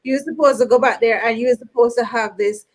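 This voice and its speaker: A woman's voice: a little high, a little fast. Chatty woman hosting a talk show. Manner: chatty, laughing, many fillers. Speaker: host. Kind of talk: casual online talk show chat.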